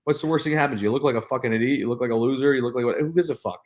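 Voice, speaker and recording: A man's voice: medium pitch, very fast. A man who is a guest on a casual podcast, talking brashly and bluntly with lots of swearing. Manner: brash and profane, blunt advice.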